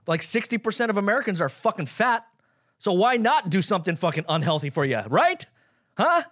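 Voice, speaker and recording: A young man hosting a solo podcast, ranting sarcastically with plenty of swearing, swinging from loud mock outrage to mumbled asides. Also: high-pitched, very animated, fast, dry recording, studio quality. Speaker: podcast host. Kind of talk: casual solo podcast rant.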